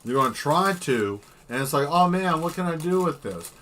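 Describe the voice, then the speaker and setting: Man, fairly high voice, livestream chatter, comic over-the-top rants, curses a lot. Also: animated, moderate pace, a bit bright, slight background noise. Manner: rambling comic rants with exaggerated outbursts; swears freely. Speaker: artist streaming while drawing. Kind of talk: casual livestream chat.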